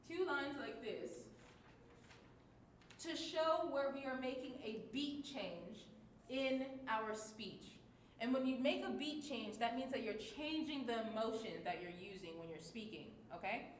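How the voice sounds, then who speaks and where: A woman teaching a lesson for children, talking patiently and checking in often with her listeners. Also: high voice. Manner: clear, patient teacher talk with many check-ins. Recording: echoey room with faint noise.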